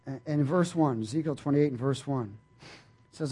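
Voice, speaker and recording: A man's voice: mid-range voice, takes it slowly, long pauses, dark tone, breathy edge. A male pastor preaching a sermon, emphatic and folksy, calling out to the congregation for responses. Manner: folksy and playful.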